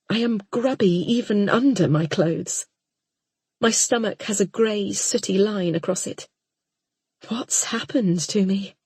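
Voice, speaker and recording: Female audiobook narrator, unhurried and intimate, breathy tone, dry booth recording. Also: mid-range voice, mellow, no echo. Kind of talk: first-person audiobook narration.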